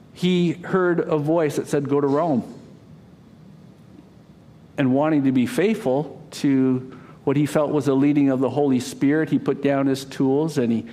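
A man preaching a sermon, telling a story dramatically, rising to loud cries and dropping to a hush. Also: medium pitch. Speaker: pastor.

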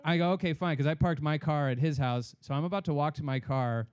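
Briskly and in a slightly high voice, a young comedian recounts a story conversationally, mimicking other people and cursing plenty. The recording is dry and studio quality.

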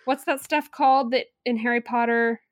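A woman's voice: a little high, steady tone, normal speed, no room sound, clean studio sound. A woman co-hosting a podcast in casual chat, chatty and wry with frequent hesitations. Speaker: podcast co-host.

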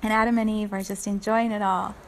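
A woman giving a reflective spiritual talk, playful and quick to laugh. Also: medium pitch, little pitch movement, a little hiss or hum. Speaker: spiritual speaker.

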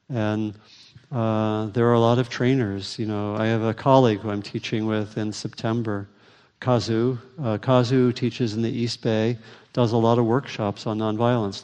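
A man giving a Buddhist teaching and answering questions, speaking thoughtfully with frequent pauses and fillers. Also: mid-range voice, darkish tone. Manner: thoughtful, halting, many fillers. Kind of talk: dharma talk Q&A. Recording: reverberant hall.

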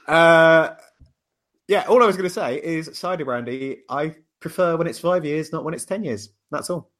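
A man's voice: a little high, normal speed, fairly bright tone. A man co-hosting a casual podcast, laughing often and steering the talk between segments. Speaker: podcast co-host. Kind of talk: casual chat.

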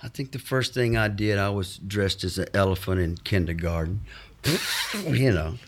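Husky low-voiced man. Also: moderate pace. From Mississippi, USA. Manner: rambling anecdotes full of "you know" and chuckles. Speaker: interviewee. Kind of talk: casual storytelling.

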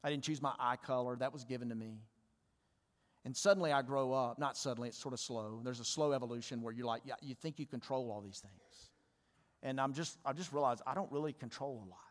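A male pastor preaches in a casual, conversational way, often turning to ask his congregation questions. His voice sits at a middle pitch. A long reverb trails each phrase through the church sanctuary. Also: brisk. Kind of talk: sermon.

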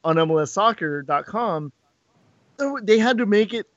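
A man co-hosting a podcast in casual chat, animated and often repeating words as he starts a thought. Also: high-pitched, moderate pace, no echo. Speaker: podcast co-host. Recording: dull lo-fi sound.

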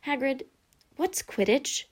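A woman reader voicing a young orphan boy who talks softly and briefly, a little gloomy. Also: high-pitched, expressive, takes it slowly, voice pushed up. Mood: curious. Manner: soft, short, a little gloomy.

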